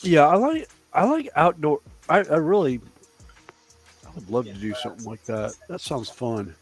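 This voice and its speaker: A man's voice: a little high, expressive, normal speed, slightly rough, faint music behind. A man in his fifties chatting casually as a host, rambling, swearing now and then and laughing often. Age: 50s. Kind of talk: casual chat.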